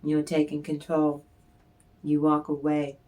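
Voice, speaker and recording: A woman's voice: deep voice, completely flat delivery, a little slow, warm tone. A woman giving a channeled tarot reading in a blunt, emphatic way, with swearing. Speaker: tarot reader.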